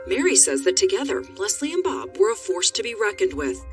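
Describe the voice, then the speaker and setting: A TV correspondent giving scripted documentary narration in a measured, even way and asking interview questions. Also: medium pitch, distant mic, over music.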